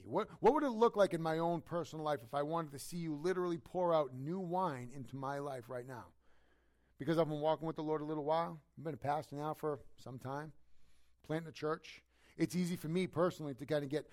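A man preaching as a pastor, talking conversationally with many fillers and moving between quiet, prayerful passages and loud, climbing climaxes. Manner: swings from soft, intimate prayerful tones to loud, high preaching climaxes. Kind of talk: sermon.

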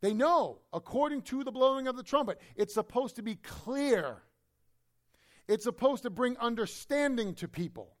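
A high-pitched man preaching a verse-by-verse sermon. He preaches with lively emphasis and jokes, then drops to low, quiet asides. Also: moderate pace. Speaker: pastor. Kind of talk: expository sermon.

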